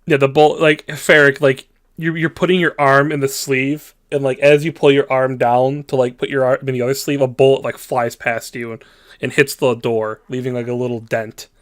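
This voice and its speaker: A man's voice: mid-range voice, little pitch movement, moderate pace. A man narrating as game master in a loose, casual way with lots of fillers.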